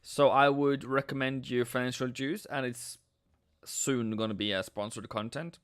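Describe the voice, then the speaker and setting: This forex trading livestream host is a playful Norwegian man who gives casual commentary, talks with his viewers, and breaks into silly sound effects. His medium-pitched voice is smooth, with fairly even intonation and a normal speed.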